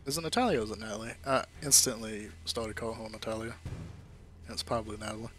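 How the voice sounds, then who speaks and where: A man giving casual let's-play commentary, animated and quick to exclaim. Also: fairly low pitch, a little hiss or hum. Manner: animated, exclaiming at game moments. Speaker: gamer.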